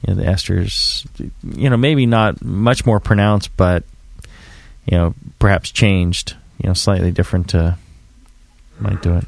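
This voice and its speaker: A man who hosts a podcast, talking in a relaxed, rambling way full of fillers. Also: low voice, unhurried, vocal fry, dry recording. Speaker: podcast host. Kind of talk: casual homebrewing chat.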